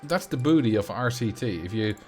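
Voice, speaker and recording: A man's voice: mid-range voice, lively intonation, brisk, a little mellow, faint music behind. A man, streaming a building game, chatting casually, reading chat and thinking aloud with self-mocking humor. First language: Dutch.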